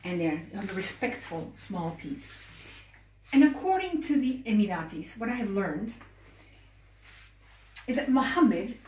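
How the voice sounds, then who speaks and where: A woman's voice: a little high, a little mellow. A woman hosting a live cooking demonstration. She explains patiently and talks as she works with her hands. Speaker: cooking show host. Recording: roomy, distant mic with faint ambience.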